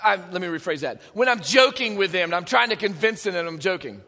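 A man preaching a sermon in a conversational, animated way, with joking asides to his congregation. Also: high-pitched, fast, long reverb tail. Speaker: pastor. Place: church sanctuary.

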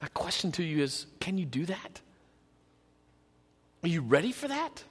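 A man preaching a sermon, emphatic and passionate, stacking repeated phrases and dropping from loud to hushed. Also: a little high, sing-song, normal speed, breathy edge, big-room sound. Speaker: pastor.

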